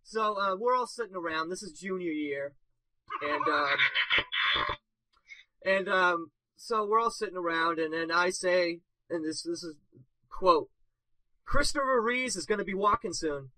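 A man's voice: high voice, a little slow, pauses often, poor audio. A young man in his twenties co-hosting a casual podcast, telling rambling stories full of fillers and laughing at his own punchlines. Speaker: podcast co-host. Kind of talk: casual storytelling.

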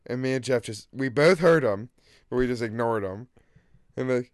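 A man's voice: mid-range voice, moderate pace, smooth, dry recording, clean studio sound. A man casually telling anecdotes among friends on a podcast, acting out the voices of the people he quotes. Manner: animated storyteller, acts out quoted voices. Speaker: podcast co-host. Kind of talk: casual storytelling chat.

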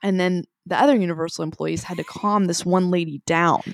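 A woman co-hosting a podcast, telling a story in animated casual chat and saying "like" a lot. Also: lowish voice, a little fast, no room sound. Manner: animated storytelling, heavy use of "like". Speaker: podcast co-host.

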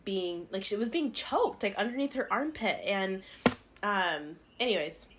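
A woman's voice: mid-range voice, animated, measured pace, noisy background. A young woman from Las Vegas, co-hosting a podcast and telling stories in a chatty way, often laughing. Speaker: podcast co-host. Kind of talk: casual chat.

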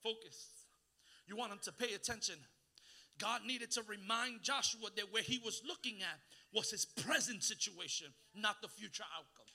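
High bright-voiced preaching man. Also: normal speed. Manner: swings from hushed to shouting, call-and-response with congregation. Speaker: guest pastor. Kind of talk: preaching a sermon.

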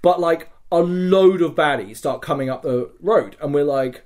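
A man with a fairly high voice tells a story in loose, casual podcast chat. He talks excitably, swears freely and fills gaps with "like" and "you know". He sounds like a co-host who is caught up in his own tale. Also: normal speed. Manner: excitable, profane, lots of fillers.

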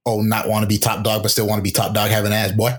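A man voicing a boastful young man, loud and swaggering, with a husky voice. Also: on the low side, monotone, quick pace, pitched below the performer's own voice. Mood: cocky. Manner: loud, swaggering trash talk. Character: brash boastful young man bragging about a song.

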